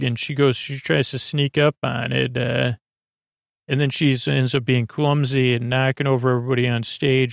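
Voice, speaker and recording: A man casually recapping a TV episode for a sleep podcast, rambling and halting with many ums and uhs. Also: mid-range voice, creaky, no echo, clean studio sound. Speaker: podcast host.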